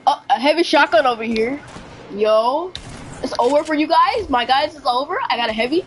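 A woman streaming a shooter game live, chatting casually and excitably with her viewers in slangy banter. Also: high-pitched, moderate pace, a little hiss or hum, low-quality recording. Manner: excitable, slangy, talks to chat. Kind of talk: casual livestream chat while gaming.

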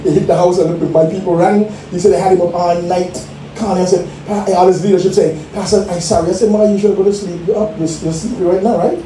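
Pastor, high-pitched and mellow, heard from afar in an echoey sanctuary, exuberant call-and-response preaching. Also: male voice. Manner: exuberant, calls for responses, laughs. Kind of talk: Pentecostal sermon. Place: church sanctuary. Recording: echoey church room from far off, faint noise.

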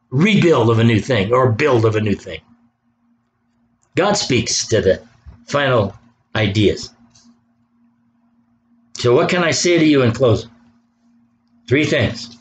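A man's voice: medium pitch, lively intonation, slow, pauses often, a little hiss or hum, poor audio. A man preaching an impassioned sermon, reading scripture aloud and pressing his points with rising fervor. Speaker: pastor.

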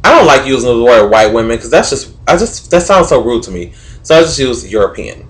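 A man's voice: medium pitch, very animated, a little fast. A young man giving sarcastic, opinionated commentary to camera, swearing freely and asking questions he answers himself. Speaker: vlogger.

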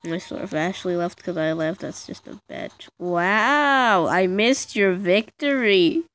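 A woman's voice: fairly low pitch, lively intonation, a little slow, fairly bright tone. A female gamer giving casual, chatty commentary on her gameplay, teasing the game and her friend as she plays.

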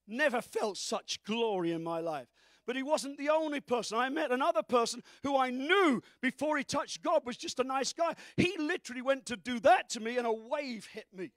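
A man preaching with great fervor, his voice sitting very high and rising into shouts to drive his points home. The sound is close and dry, with no room echo. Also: animated, normal speed. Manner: fervent preaching that breaks into shouts. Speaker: pastor. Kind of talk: sermon.

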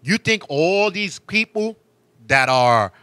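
A man hosts a talk show in an impassioned monologue, his voice bright and forceful, slightly high for a man. His delivery is emphatic, often leaping into sharp high outbursts. The sound is close and dry. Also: big pitch swings, slow, clear, resonant tone, no room sound.

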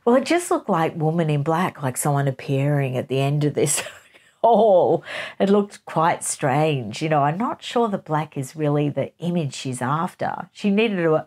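A woman's voice: low-pitched, darkish tone. A middle-aged woman, hosting a casual gossip chat in a playful, giggly way. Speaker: host.

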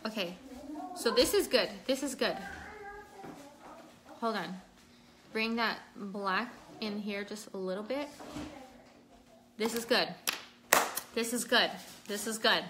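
A woman's voice: medium pitch, takes it slowly, long pauses, background noise. A woman hosting a casual livestream makeup tutorial at home, chatting and reading out viewers' names while she works. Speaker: makeup vlogger.

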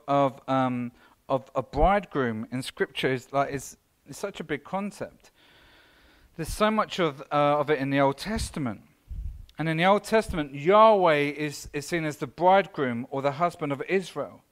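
Male pastor with a high voice, preaching informally and teasing his flock. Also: expressive, normal speed. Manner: chatty, self-deprecating, with frequent fillers and asides to the congregation. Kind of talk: conversational sermon. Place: church.

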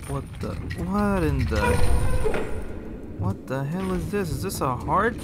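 A man giving nervous running commentary while playing a horror game, repeating himself and swearing as he goes. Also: mid-range voice. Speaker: gaming YouTuber.

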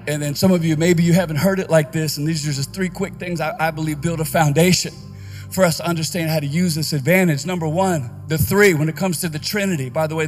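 High-voiced preacher, fast and fiery. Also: male voice. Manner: energetic preaching, rising to shouts. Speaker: pastor. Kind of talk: conference sermon. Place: conference stage.

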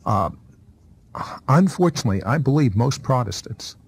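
A man's voice: mid-range voice, expressive, moderate pace, vocal fry, slightly rough. A man hosting a faith interview show, questioning his guest in an earnest, emphatic way. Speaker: TV show host.

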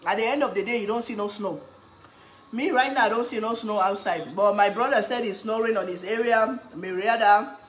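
A woman chats through a casual eating vlog in a mid-range voice, humming happily between bites and breaking into excited cheers. She slips easily into a playful pitch for her own products. A faint hum of room ambience sits behind her. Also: a little fast. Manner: chatty, talks while eating, hums with pleasure, bursts into cheers. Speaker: cooking vlogger.

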